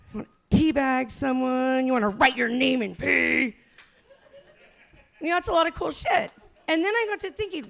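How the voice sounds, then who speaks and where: Gravelly, brash stand-up woman. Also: sits high. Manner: brash, profane and self-mocking, with loud shouted bits. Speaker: stand-up comedian. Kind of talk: stand-up comedy set.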